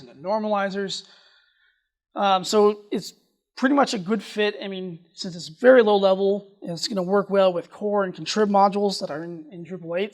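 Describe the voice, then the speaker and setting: A speaker at a developer conference explains a software topic at a quick clip. The speech keeps doubling back and restarting mid-sentence. The voice sits at an ordinary middle pitch. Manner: talks fast, restarts sentences often. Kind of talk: technical conference presentation.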